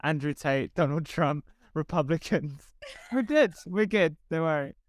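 A man guesting on a casual podcast, talking haltingly with restarts and teasing asides. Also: on the high side, lively intonation, dry recording. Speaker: comedian guest.

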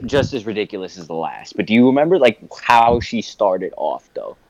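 This young man, co-hosting a podcast, chats casually through a wandering, profane story, laughing often and doing voices. He speaks at normal speed in a fairly low, sing-song voice. Background noise sits under the dull lo-fi audio.

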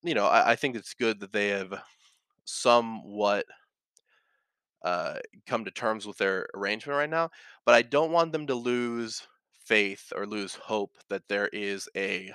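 Rambling man with a bright voice. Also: fairly low pitch, clear, resonant tone, no echo, clean studio sound. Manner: rambling, many fillers and restarts, frequent "right?". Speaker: podcast host. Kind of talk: casual talk, reading and reacting to posts.

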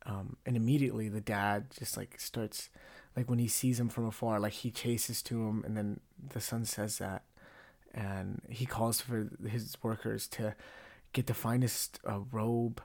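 A man's voice: fairly low pitch, little pitch movement, a little slow, vocal fry, a little mellow. A man hosting a casual faith podcast, retelling a story in a rambling, earnest way with many fillers. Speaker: podcast host.

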